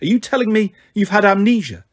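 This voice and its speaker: A man's voice: high-pitched, expressive, fairly quick, voice pushed up. A man voicing a proud, cold woman warrior queen in a storybook reading, commanding and icy.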